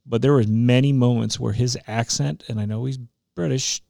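An opinionated man talks through what didn't work in a movie and keeps circling back to stress his points. His voice sits at an ordinary pitch and is recorded close and dry. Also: steady tone, normal speed, creaky, dark tone, no room sound. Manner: opinionated, emphatic, frequent restarts. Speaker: podcast co-host. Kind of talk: casual movie review chat.

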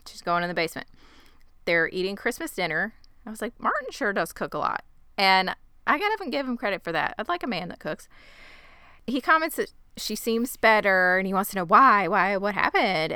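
Wry, bright-voiced woman recapping a show. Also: medium pitch, expressive, normal speed, clear, resonant tone, dry recording, clean studio sound. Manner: wry, sarcastic storytelling, acting out lines. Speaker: podcast co-host recapping a show. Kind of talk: casual chat.

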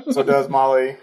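A man running a tabletop role-playing game as game master, relaxed, with many "um" fillers. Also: medium pitch.

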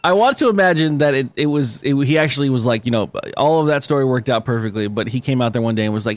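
A man co-hosting a podcast, talking in a lively, swooping way and laughing often. He swears freely and slips into silly voices for the people in his stories. The sound is dry and close. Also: medium pitch, fast, few pauses, dry recording. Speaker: podcast co-host. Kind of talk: casual crude comedic chat.

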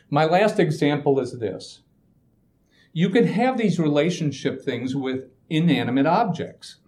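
A man's voice: mid-range voice, echoey room, a little hiss or hum, low-quality recording. A man giving a casual motivational talk, telling anecdotes and acting out what people said, often restarting his phrases. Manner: animated storyteller, acts out quoted voices, often restarts phrases. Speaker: speaker giving a talk on expectations.

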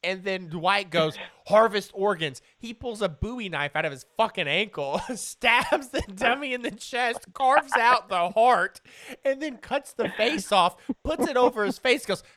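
Bright, animated man hosting a podcast. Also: high voice, unhurried, dry recording. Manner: animated storytelling, swears, laughs a lot. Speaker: podcast host. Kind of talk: casual chat.

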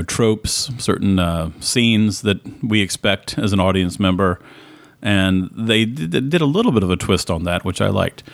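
A man's voice: deep voice, dry recording. This is a man, chatting casually about a film. He rambles, restarts his sentences and stays keen. The recording is dry and close, with no room sound. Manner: rambling, self-correcting, enthusiastic. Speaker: podcast co-host. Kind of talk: casual movie review chat.

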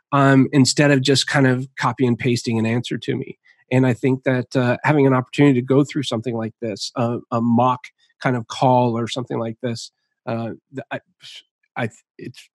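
A man's voice: medium pitch, no room sound, studio quality. A man hosting a podcast interview, enthusiastic in casual talk, laughing easily and stumbling over restarts. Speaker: podcast host.

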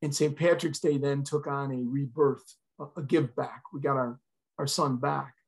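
A man's voice: mid-range voice, fairly even intonation, moderate pace, gravelly. Earnest middle-aged man telling a story. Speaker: retired fire chief, podcast guest. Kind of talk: personal storytelling.

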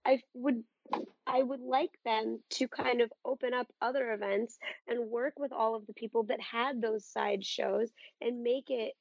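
A woman in her thirties, co-hosting a podcast, talking in a husky voice with earnest, rambling asides in casual chat. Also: a little high, fairly even intonation, unhurried, no echo. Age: 30s. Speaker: podcast co-host. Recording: dull, dry lo-fi podcast audio.

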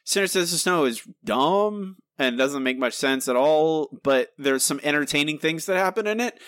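Animated man co-hosting a podcast. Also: medium pitch, no echo, clean studio sound. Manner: animated, argumentative, with frequent restarts. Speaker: podcast co-host. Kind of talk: casual podcast chat.

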